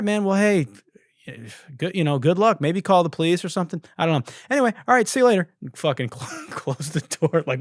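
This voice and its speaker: A man's voice: medium pitch, no echo, clean studio sound. A young man hosting a comedy podcast, telling a story with lots of swearing and playing out both sides of a conversation. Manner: profane, animated, acts out both sides of a conversation. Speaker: podcast host.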